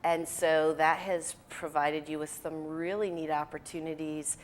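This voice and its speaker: A woman's voice: deep voice, little pitch movement, unhurried, slight background noise. A woman hosting a casual interview, encouraging her guest and affirming often. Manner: encouraging, affirming with frequent mm-hmms. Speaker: interview host.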